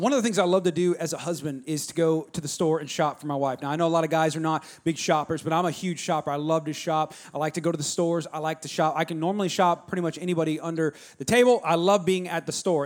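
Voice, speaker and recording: A man's voice: fairly high pitch, steady tone, quick pace, few pauses. A young man preaching a sermon in a church, telling stories with energy and urging the crowd to answer. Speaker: pastor. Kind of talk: sermon with call-and-response.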